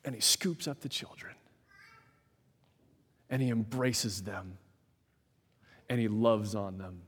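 A man's voice: lowish voice, a bit bright, husky. Preaching man in a reverberant hall. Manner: measured, emphatic, with dramatic pauses and quoted voices. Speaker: pastor. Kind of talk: sermon.

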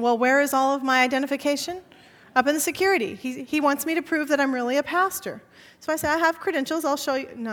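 Woman pastor, high voice, lively sermon storyteller, church reverb. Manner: animated storytelling, acting out dialogue. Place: church sanctuary. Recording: long church hall reverb.

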